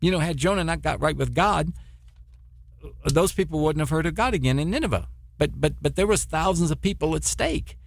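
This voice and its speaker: Gravelly folksy male preacher. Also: a little high, fairly quick, dry recording. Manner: folksy, repetitive, stammering restarts. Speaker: preacher, former military missionary. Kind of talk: sermon.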